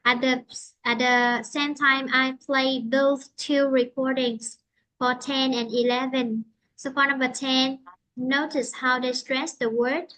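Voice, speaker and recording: A woman teaching an English lesson, explaining slowly and patiently with many fillers. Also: sits high, little pitch movement, a bit bright, low-quality recording.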